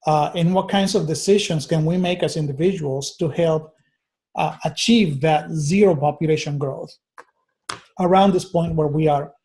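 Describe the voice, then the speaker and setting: A man gives a recorded lecture to his students in an earnest, thinking-aloud way, pausing often on fillers and restarting his sentences. His voice sits a little high for a man, yet it sounds mellow and soft rather than bright. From United States. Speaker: teacher.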